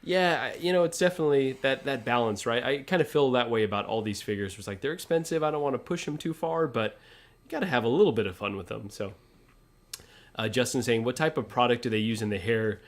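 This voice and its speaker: A man's voice: mid-range voice, animated, fast talker. A man hosting a live unboxing stream, chatting casually, laughing often and reading viewer comments aloud. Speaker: host.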